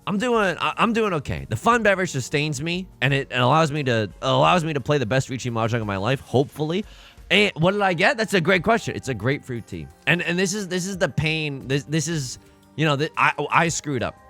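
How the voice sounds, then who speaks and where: A young man chats through his gaming session in an animated, rambling way, jumping from topic to topic and joking at his own expense. His voice swings widely in pitch and sounds bright and forceful. Quiet game music plays underneath. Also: brisk. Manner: animated, rambling, self-mocking asides. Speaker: let's play host. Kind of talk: casual gaming commentary.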